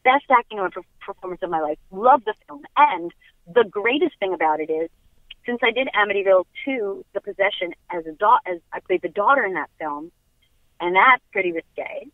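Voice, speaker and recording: Speaking at medium pitch in a brisk, animated way, this Long Island actress in middle age is a guest on a phone interview. She's cheerful and laughs a lot; the telephone audio sounds tinny, with no room sound.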